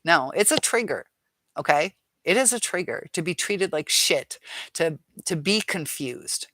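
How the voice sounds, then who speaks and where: A woman's voice: fairly low pitch, lively intonation, unhurried, fairly bright tone, no room sound. A woman hosting a live chat, reading viewer comments aloud and answering them frankly, with exasperation.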